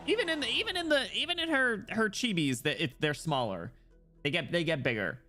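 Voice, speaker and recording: A man streaming a story game, reading its narration aloud and breaking in with excitable, jokey, swearing reactions. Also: high voice, a little fast, soft background music.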